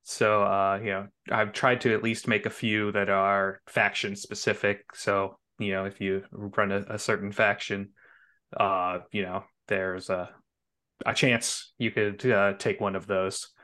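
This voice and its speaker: A man's voice: fairly low pitch, level tone, unhurried, pushed and bright. A man on a podcast explaining his tournament plans casually, hesitating with plenty of fillers. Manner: hesitant, many uhs and you-knows. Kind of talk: casual chat.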